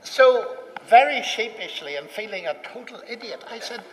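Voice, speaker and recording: With a higher-than-usual voice and moderate pace, a man shares a personal anecdote in lively fashion, acting out each exchange. He is set back from the microphone, and a long echo carries his words around a large hall.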